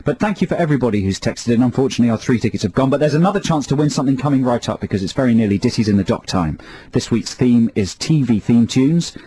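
A man's voice: mid-range voice, expressive, fast talker, warm tone, slight background noise, low-quality recording. A man co-hosting a radio show, chatting drily and reading out listener texts. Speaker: radio co-host. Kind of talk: casual radio chat.

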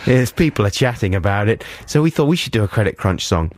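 A man's voice: lowish voice, very animated, no echo. A man co-hosting a radio show with a cold, rambling and joking through on-air banter in a studio. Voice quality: rambling, self-interrupting, quick to joke. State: has a cold.

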